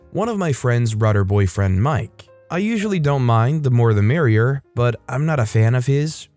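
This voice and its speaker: A man hosting a story channel, reading online posts aloud and adding his own quick, sarcastic commentary. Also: mid-range voice, dark tone, smooth. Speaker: narrator and host of a story channel.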